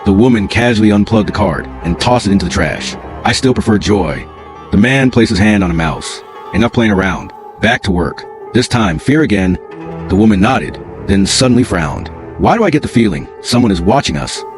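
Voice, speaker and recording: A man with a low voice tells a scary story in a steady, measured read. His intonation swings widely as the tension builds. Soft music plays faintly underneath. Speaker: narrator. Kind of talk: scripted horror narration.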